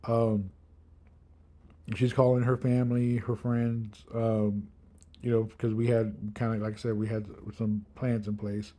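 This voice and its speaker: A man's voice: on the low side, level tone, measured pace, dark tone. A man in his thirties casually telling a personal story, rambling with many fillers and acting out what others said. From Milwaukee area. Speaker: kidney transplant patient.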